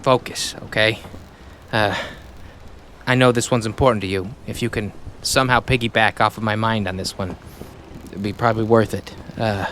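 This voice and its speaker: A man's voice: on the low side, fairly even intonation, normal speed, fairly bright tone, a little hiss or hum. A man playing a tabletop role-playing game, talking casually and joking with the table. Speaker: player.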